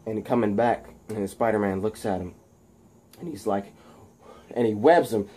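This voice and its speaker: A man casually retelling a movie fight scene, animated and shouting sound effects, with many fillers. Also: on the low side, a little slow, long pauses, a little hiss or hum. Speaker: video host recapping a film.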